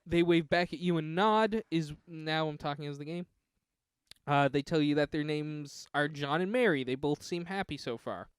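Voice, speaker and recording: A man's voice: a little high, normal speed, clear, resonant tone, dry recording, studio quality. A man on a podcast, casually reading out a text adventure game and joking about it. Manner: reads game text aloud with laughing asides. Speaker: podcast co-host.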